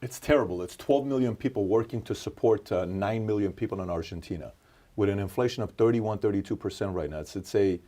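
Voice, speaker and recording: A low-voiced man hosts the interview in a mellow tone. He asks curious questions and often stumbles and restarts his sentences. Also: fast. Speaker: interview host.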